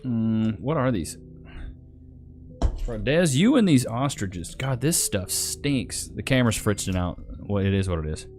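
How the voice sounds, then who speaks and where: A low-pitched man hosts a casual live stream, chatting in loose slang and shouting out viewers by name. He speaks into a desk microphone. Soft music plays faintly underneath. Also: expressive, measured pace. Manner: loose, slangy, reads chat names aloud. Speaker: livestream host.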